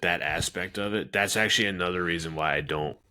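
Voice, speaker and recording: A man with a very low voice and a bright, forceful tone hosts a casual film review podcast. He talks in long, animated runs and leans hard on his points. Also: fairly quick. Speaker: podcast host.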